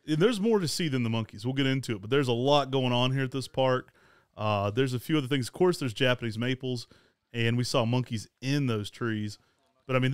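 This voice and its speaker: A talkative, energetic man, co-hosting a casual travel chat and laughing often. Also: mid-range voice, clean tone, no room sound, clean studio sound. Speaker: show co-host.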